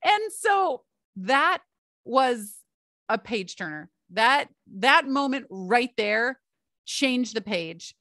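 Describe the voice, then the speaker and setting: A woman's voice: a little high, sing-song, drawn-out words, bright, forceful tone, dry recording, studio quality. A middle-aged woman hosting a solo podcast, telling personal stories in a chatty way and calling her listeners "you guys". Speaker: podcast host.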